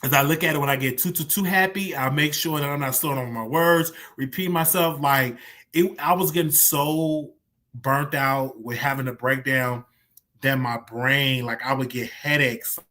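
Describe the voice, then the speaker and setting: A man's voice: medium pitch, normal speed, bright, forceful tone. A man hosting a livestream, talking candidly and animatedly about his own past, often repeating himself for emphasis. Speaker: show host. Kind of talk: casual livestream commentary.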